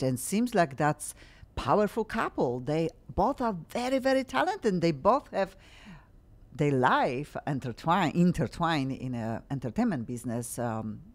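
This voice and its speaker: A woman hosting a talk show, gushing over her guests with effusive compliments. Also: deep voice. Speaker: host. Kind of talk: casual chat.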